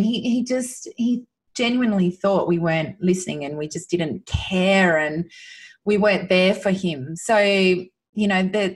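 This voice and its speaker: A woman as a podcast guest, talking earnestly and from the heart about her son, with many restarts and fillers. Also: fairly low pitch. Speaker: guest, mother sharing her son's recovery. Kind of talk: emotional podcast conversation.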